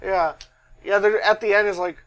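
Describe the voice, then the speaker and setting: A man's voice: sits high, fairly even intonation, moderate pace, a crowd in the background. A man co-hosting a podcast in casual chat, chiming in with short interjections. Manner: short interjections, chimes in on the story. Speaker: podcast co-host.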